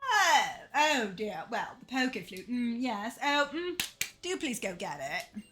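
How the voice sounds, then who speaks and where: A woman voicing a pompous, theatrical rich man who gushes in drawn-out exclamations. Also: a little high, sing-song, over music. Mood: haughty.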